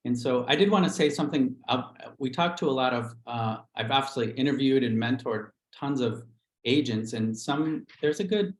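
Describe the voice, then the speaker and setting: A man's voice: mid-range voice, moderate pace, roomy sound, rough recording. Candid middle-aged man telling his story. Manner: candid, animated storytelling with acted-out quotes. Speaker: real estate agent. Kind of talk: livestream interview storytelling.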